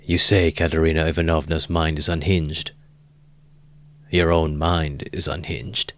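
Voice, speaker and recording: A man voicing a feverish, brooding young man who speaks slowly and intensely, in an audiobook reading. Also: very deep voice, flat delivery. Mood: bitter. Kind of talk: audiobook character voice.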